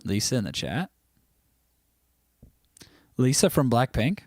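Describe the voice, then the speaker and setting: A man's voice: mid-range voice, sing-song, slow, a little mellow, no echo. A man hosting a livestream, chatting loosely and reacting to viewers' comments, his throat a little scratchy. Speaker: livestream host. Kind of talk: casual chat reading live comments.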